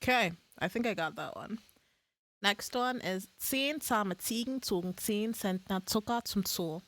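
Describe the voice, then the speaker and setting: A woman's voice: medium pitch, measured pace, fairly bright tone, dry recording. A woman streamer chatting casually on a live stream, swearing freely and laughing at her own slips.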